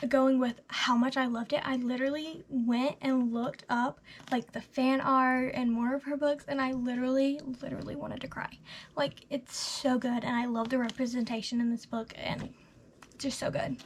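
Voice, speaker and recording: A young woman of eighteen chats through her monthly book review with a high, light voice. She gushes in a casual, rambling way, leaning on "literally" and "like". Her words often fade into soft, breathy half-whispers. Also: flat delivery, normal speed, a little hiss or hum. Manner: gushing and chatty, full of "literally" and "like", trailing into soft half-whispers. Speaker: book vlogger.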